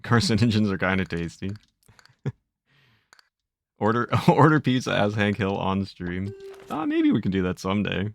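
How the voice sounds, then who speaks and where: A man's voice: lowish voice, very animated, moderate pace, creaky, long pauses, a little hiss or hum. A man casually live-streaming a game, jokey, reading chat messages aloud. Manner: jokey, reads chat aloud, laughs often.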